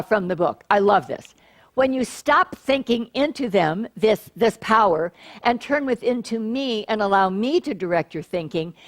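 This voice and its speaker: Animated woman minister preaching. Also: a little high. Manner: animated, playful, asks the congregation questions. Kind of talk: sermon.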